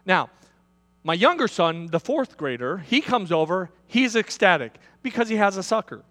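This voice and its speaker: A middle-aged man preaching a sermon, telling a story and calling on his listeners directly, often rising into loud, high preaching. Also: very animated, moderate pace, in a large hall. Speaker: pastor.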